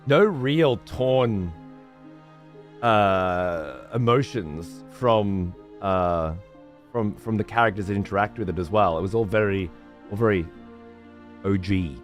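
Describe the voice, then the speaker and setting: Low-voiced man swearing through a rambling chat. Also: slow, soft background music. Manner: rambling, heavily profane. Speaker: streamer. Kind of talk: casual chat while gaming.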